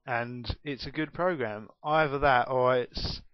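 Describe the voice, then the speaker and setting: A man's voice: mid-range voice, a little slow, muffled recording, slight background noise. A man vlogging casually, answering tag questions in a rambling, self-deprecating way.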